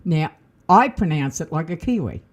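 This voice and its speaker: A woman's voice: low voice, animated, moderate pace, highs cut off. A woman with an Australian accent, co-hosting a casual podcast, telling stories in a chatty way and laughing often. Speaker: co-host.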